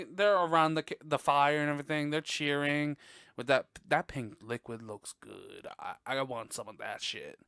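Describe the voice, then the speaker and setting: A man hosting a podcast, chatting casually and profanely about a classic animated film, laughing often. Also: medium pitch, clean tone, no echo, studio quality. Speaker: podcast host. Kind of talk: casual movie review chat.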